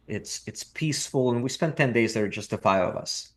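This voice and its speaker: A man's voice: mid-range voice, normal speed. A middle-aged man from Russia, a real estate investor talking as a podcast guest in a reflective, repetitive way with dry jokes. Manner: reflective, repeats words, dry joking. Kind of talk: casual interview talk.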